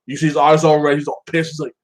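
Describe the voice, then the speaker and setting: A man's voice: a little high, completely flat delivery, fast talker, poor audio. Rambling man recapping a show. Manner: rambling, filler-heavy, acts out characters' lines. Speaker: show reviewer. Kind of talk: casual recap review.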